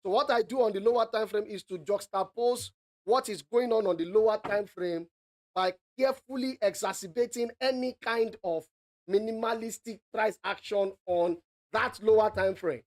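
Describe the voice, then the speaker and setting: Streaming live forex market analysis, a man from Africa speaks in a high, slightly mellow voice at normal speed. Playful and teasing with his viewers, he checks in often and leans on the phrase "all right."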